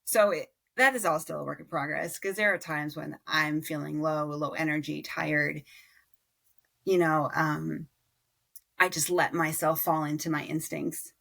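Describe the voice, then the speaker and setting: A woman in her thirties, a parent guest on a podcast, talking reflectively in a halting, self-correcting way. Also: low-pitched, fairly even intonation, gravelly, fairly bright tone. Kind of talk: casual conversational interview.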